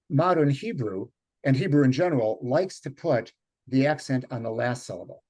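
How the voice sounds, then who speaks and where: A man runs a group reading over a video call. He speaks in a thoughtful, halting way and stops often to find the right word. His voice sits at an ordinary male pitch. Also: dark tone. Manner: thoughtful, halting, with many fillers. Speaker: Yiddish teacher leading a group reading. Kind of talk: online lecture and read-aloud.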